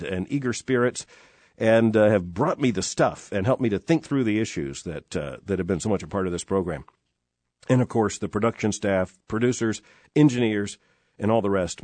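A man's voice: fairly low pitch, darkish tone, no echo. A middle-aged man hosting a radio show from a studio, talking in an earnest, emphatic way with lots of "uh" fillers. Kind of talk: reflective radio talk. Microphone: studio microphone.

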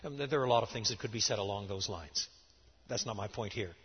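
Husky-voiced preacher in an echoing hall. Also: male voice, fairly low pitch, fast. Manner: animated, emphatic teaching with sudden rises and drops. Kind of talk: lecture-style sermon. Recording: dull sound in a large reverberant hall.

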